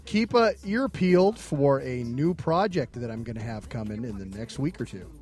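A man co-hosting a casual comedy podcast, telling jokes and reading out show plugs, swinging from loud to low. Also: animated, normal speed, breathy edge, soft background music. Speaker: podcast co-host.

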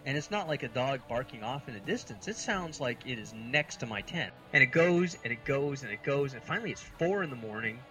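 Brisk and barely pausing, this US co-host in his thirties has an expressive, sharp mid-range voice as he tells casual, self-mocking, exasperated comic stories. Faint music plays behind him, and the recording is low quality.

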